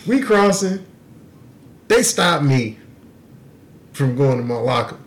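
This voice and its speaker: A young man tells a story on a casual podcast, full of swearing, and laughs through his own punchlines. His voice sits fairly high and swoops widely as he tells it. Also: lively intonation, takes it slowly. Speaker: podcast co-host.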